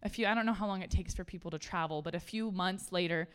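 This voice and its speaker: A woman giving a casual, conversational sermon to a room of listeners. She is chatty and animated, laughs often, and says "like" a lot. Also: fairly low pitch, quick pace, smooth. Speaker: speaker at a church gathering.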